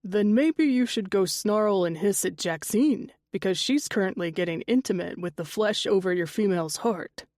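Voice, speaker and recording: A woman's voice: mid-range voice, lively intonation, normal speed, few pauses, a little mellow, no room sound, clean studio sound, close to an everyday voice. A woman reading the part of a teasing young male panther-shifter tattoo artist, wry and chatty, in an audiobook.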